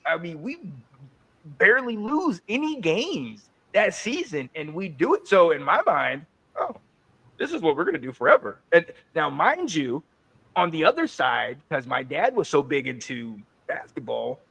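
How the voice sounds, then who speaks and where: A man in his forties from North Carolina tells animated sports stories in a slightly high voice. He co-hosts a podcast in a loose, casual chat, often stumbling over and repeating words. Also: vocal fry. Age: 40s. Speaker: podcast co-host.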